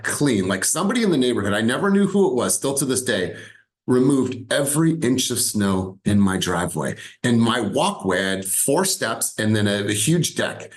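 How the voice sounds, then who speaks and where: Middle-aged male sales coach, lowish voice, earnest and emphatic, sharing a personal motivational story. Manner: earnest, emphatic, repeats key phrases.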